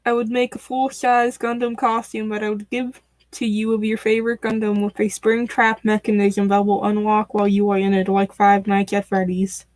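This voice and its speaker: A woman's voice: mid-range voice, moderate pace, dry recording. A woman as a stream guest, chatting casually and telling morbid stories with dry humor. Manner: storytelling, morbid deadpan humor.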